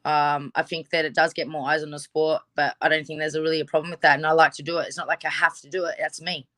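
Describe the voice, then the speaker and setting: Woman guest, bright forceful voice, frank chatty boxer, dry sound. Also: sits low, level tone, fast, no room sound. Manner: chatty, lots of fillers, blunt and frank. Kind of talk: casual interview chat.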